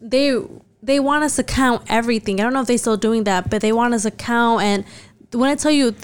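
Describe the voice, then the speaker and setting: Young woman, from Mexico, smooth clear voice, animated casual podcast chat. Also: fairly high pitch, fairly quick. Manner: animated, chatty, laughs often. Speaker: podcast guest.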